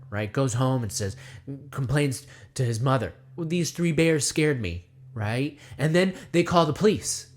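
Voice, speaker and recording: Guy rambling thru a satirical monologue, talks about himself in third person, tons of rhetorical questions. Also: medium pitch. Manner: acts out voices in quick asides. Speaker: comedy video essayist.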